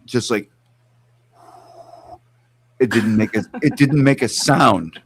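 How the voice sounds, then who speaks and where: A middle-aged man hosting a casual chat, animated and swearing freely as he acts out bits of stories. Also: mid-range voice, takes it slowly, slight background noise. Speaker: podcast host.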